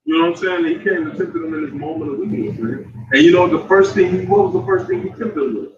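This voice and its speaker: A street preacher with a fairly high-pitched voice delivers a casual sermon at a quick pace, slangy and profane, telling a personal story and laughing between points. There's background noise, and the recording sounds dull, roomy and distant.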